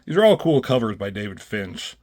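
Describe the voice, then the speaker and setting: A man's voice: on the low side, big pitch swings, brisk, darkish tone. A man reviewing comic books in a loose, rambling way, swearing freely and often correcting himself. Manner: loose and profane, with many fillers and self-corrections.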